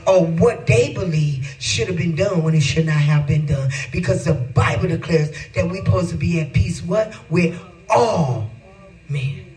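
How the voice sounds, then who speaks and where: A man in his fifties preaches through a homespun story in an animated, chuckling way, turning to the congregation with asides. His voice sits high, and the mic catches him from a distance. Soft music plays faintly underneath. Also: a little slow. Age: 50s. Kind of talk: storytelling sermon.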